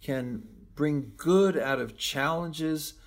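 A man's voice: fairly high pitch, slow. A middle-aged man, a guest on an interview show, telling a long, rambling personal story with many restarts. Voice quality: gravelly, husky. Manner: rambling, reflective, restarts often. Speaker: guest, medical school professor.

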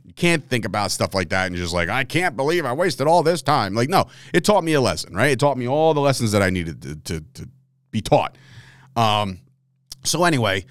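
A man tells his story in a loose, animated monologue, cursing freely and laughing at himself. His voice sits in a middle pitch. The sound is dry and close, with no room echo. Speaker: podcast host.

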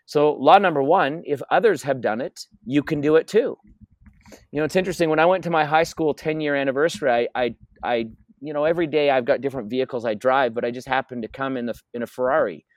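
A man's voice: mid-range voice, quick pace, dry recording. A man being interviewed as a wealth coach, telling stories with emphasis and repeating his key phrases. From North America. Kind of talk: energetic interview talk.

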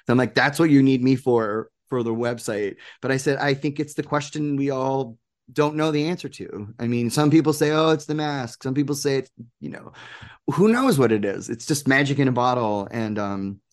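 A man's voice: mid-range voice, moderate pace. A man being interviewed as a guest, telling stories with enthusiasm and acting out what other people said. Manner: animated, enthusiastic, acts out quoted people. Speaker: guest, producer and game maker. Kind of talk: casual interview storytelling.

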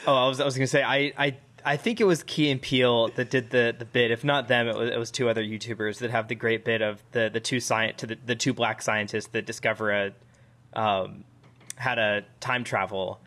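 A man's voice: mid-range voice, steady tone, a little fast, a bit bright. A man chatting casually on a podcast, making thoughtful points with some stammering restarts. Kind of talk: casual chat about a cartoon episode.

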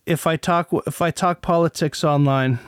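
A man's voice: on the high side, fairly even intonation, moderate pace, smooth, no echo. A middle-aged man with a grown daughter, hosting an online show in a rambling, profane monologue with many restarts. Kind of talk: casual commentary monologue.

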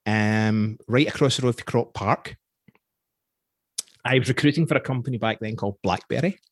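A man's voice: medium pitch, normal speed, dry recording, clean studio sound. A Scottish man in his forties hosting a podcast, chatting casually and telling rambling anecdotes with frequent chuckles. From Scotland. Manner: rambling storyteller, chuckles often. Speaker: podcast host. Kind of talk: casual interview chat.

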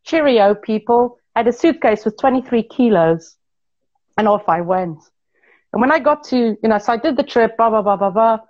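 A woman from Portugal telling her life story in a casual, animated way, often correcting herself mid-sentence and throwing asides to the listeners. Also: on the high side, normal speed, muffled recording.

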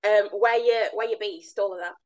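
A woman's voice: mid-range voice, steady tone, normal speed, low-quality recording. A woman hosting a podcast, chatting casually and agreeing often as she draws out her guest. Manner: warm interviewer, frequent brief agreement. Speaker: podcast host. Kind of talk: casual chat.

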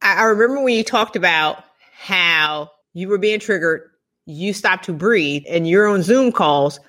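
A woman hosting a podcast interview, laughing often and acting out animated retellings. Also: fairly low pitch, unhurried. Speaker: podcast host. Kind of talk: casual interview chat.

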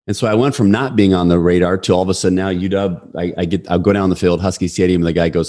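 A man in his forties tells a story as a podcast guest. His voice sits low and he rattles along quickly. He acts out the quotes with animated energy. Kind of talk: storytelling in a casual interview.

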